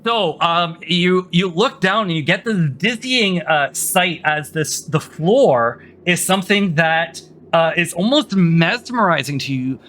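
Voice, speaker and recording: A man's voice: high-pitched, expressive, a little slow, few pauses, fairly bright tone, slight background noise. A man narrating a tabletop role-playing game as dungeon master, casual and full of fillers.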